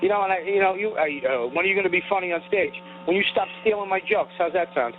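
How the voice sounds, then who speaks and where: A man's voice: sits high, fast, soft background music. A man co-hosting a comedy podcast, ranting in a heated, profane way about being insulted and calling himself sensitive. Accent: New York. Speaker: podcast co-host. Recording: tinny phone-like audio.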